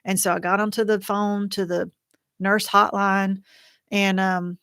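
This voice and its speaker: A woman's voice: mid-range voice, little pitch movement, unhurried, fairly bright tone, clear, resonant tone, dry recording, studio quality. A middle-aged woman hosting a livestream for widows, telling a long story in a rambling, chatty way full of fillers and restarts. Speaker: host of a widows' support livestream. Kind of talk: casual livestream chat. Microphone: computer or phone mic for a livestream.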